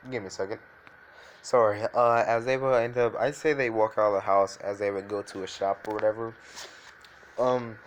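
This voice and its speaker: Low-voiced young man rambling through a story. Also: a little hiss or hum, rough recording. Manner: rambling, heavy on fillers and self-corrections. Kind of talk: improvised fan-fiction storytelling.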